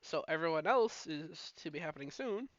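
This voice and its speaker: A man running a game, giving updates to players in a halting, filler-heavy way. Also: fairly high pitch, lively intonation, no echo. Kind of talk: casual chat and announcements. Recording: dry, dull lo-fi mic.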